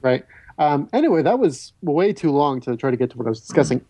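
A man's voice: a little high, sing-song, fast, warm tone, dry recording. A man hosting a casual film discussion podcast, rambling and often restarting his sentences. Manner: rambling, self-interrupting, stammers on restarts. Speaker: podcast host.

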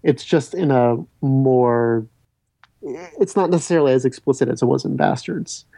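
A man's voice: medium pitch, normal speed, vocal fry, dark tone, no room sound. A man hosting a casual film discussion podcast, rambling and often restarting his sentences. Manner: rambling, self-interrupting, stammers on restarts. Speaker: podcast host.

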